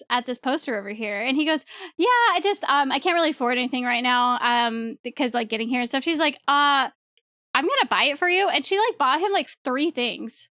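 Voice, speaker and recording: Young woman, high voice, streamer, rambling, excitable, casual swearing, dry close sound. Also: no echo. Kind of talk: casual storytelling to stream chat.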